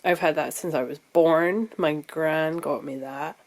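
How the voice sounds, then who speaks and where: Scottish woman vlogger, lowish voice, rambling and chatty, casual home chat. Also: steady tone, moderate pace, few pauses. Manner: chatty, thinking out loud, rambling. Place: room at home.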